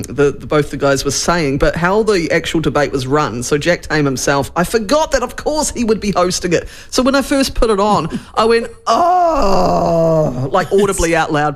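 A woman with a New Zealand accent co-hosting a podcast, talking in an animated, exasperated way and acting out her own reactions, her throat a little raspy. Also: low voice. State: raspy throat from yelling and laughing. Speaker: podcast co-host. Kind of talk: casual chat.

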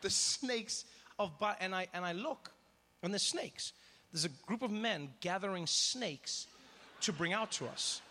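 A man telling a story in stand-up style, animated and self-mocking. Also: sits high, unhurried, in a large hall. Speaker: stand-up comedian.

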